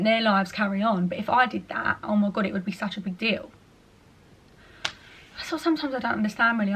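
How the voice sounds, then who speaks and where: A young woman talks through viewer questions in a loose, chatty vlog. Her talk is full of "like" and "you know", and she drops into quick voices to quote people. Her pitch sits in an ordinary middle range. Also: a bit bright. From England. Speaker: vlogger. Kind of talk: casual chat answering viewer questions.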